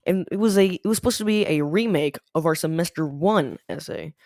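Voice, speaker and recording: A man's voice: a little high, a little fast, darkish tone, no room sound, studio quality. A young man telling a rambling school story while playing a game, full of "like" fillers. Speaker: gaming channel host. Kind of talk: casual storytelling over gameplay.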